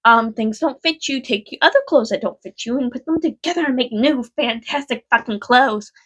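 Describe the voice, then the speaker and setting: High-voiced young woman, rambling vlog. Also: moderate pace, a bit bright, husky. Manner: rambling, filler-heavy, frequent swearing. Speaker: vlogger. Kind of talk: casual confessional vlog.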